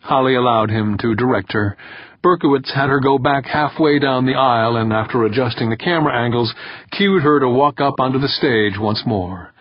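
A man narrating a novel in a steady, even storytelling voice. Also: mid-range voice, moderate pace, no room sound. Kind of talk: audiobook narration. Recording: dull, dry, slightly muffled recording.

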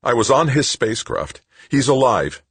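Man doing anxious rattled patient, husky deep voice, lively swings, dry. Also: moderate pace, dry recording. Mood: distressed. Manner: pleading, rattled.

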